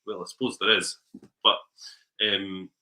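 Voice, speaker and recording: A man's voice: deep voice, level tone, measured pace, sharp tone, rough recording. A man co-hosting a casual chat, telling rambling stories with frequent laughs and ums. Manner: rambling storyteller, laughs often, trails off with ums. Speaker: podcast co-host.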